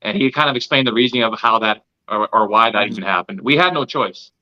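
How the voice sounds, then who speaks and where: A man talks fast in a very bright, sharp voice as a podcast guest. The sound is dull and lo-fi, as if through a weaker mic. He explains things and thinks aloud as he goes. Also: fairly low pitch. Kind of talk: casual podcast chat.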